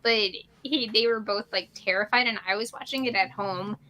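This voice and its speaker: A woman's voice: medium pitch, normal speed. A woman guest chatting on a livestream, telling stories with lots of laughs. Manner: animated storyteller, laughing often. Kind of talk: casual chat.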